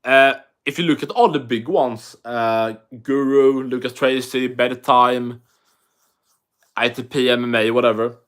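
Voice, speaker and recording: A man's voice: medium pitch, steady tone, unhurried, a bit bright, smooth. A Swedish man with a Swedish English accent, chatting casually and profanely on an MMA livestream while reading chat aloud. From Sweden.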